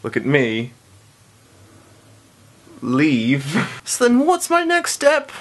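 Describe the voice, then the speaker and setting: A young man recounts a story to camera with lots of life in his voice, his pitch leaping up and down as he acts out the people in it. He laughs easily and keeps a casual, chatty flow. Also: huge pitch swings, extremely slow, fairly bright tone, a little hiss or hum. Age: young adult. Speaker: university student and vlogger.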